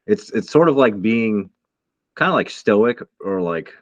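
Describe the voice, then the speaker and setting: A man's voice: fairly low pitch, animated, unhurried, no room sound, lo-fi sound. A man co-hosting a podcast in a casual chat, talking reflectively and searching for his words. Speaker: podcast co-host.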